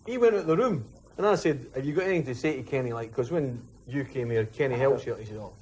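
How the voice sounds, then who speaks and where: A man, a former footballer telling a lively anecdote in an interview. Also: medium pitch, fast talker, noisy background. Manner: animated, mimics others while telling a story. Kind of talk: storytelling anecdote.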